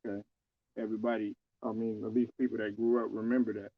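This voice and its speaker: A man's voice: lowish voice, level tone, quick pace, no echo, narrow, tinny audio. A man talking casually about basketball, loose and conversational, with many fillers and restarts. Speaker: sports commentator. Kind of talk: casual basketball opinion talk.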